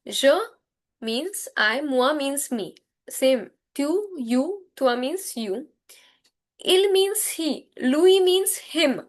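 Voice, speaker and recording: A woman with an Indian English accent teaching a French grammar lesson, drilling words slowly and having students repeat after her. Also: high voice, expressive. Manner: slow, repetitive drilling with call-and-response.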